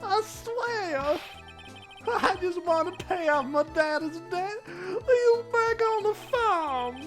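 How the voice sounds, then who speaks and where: A woman's voice: very high voice, animated, slow, over music, voice pushed up, heavily acted. A woman voicing a pampered young male magician with a put-on Southern drawl, pleading and near tears. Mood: grateful. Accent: put-on American Southern. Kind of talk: voice acting over a game.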